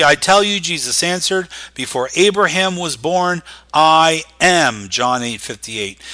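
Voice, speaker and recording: A man preaching a sermon, emphatic, swinging from loud, high-pitched stresses to low, quiet lines.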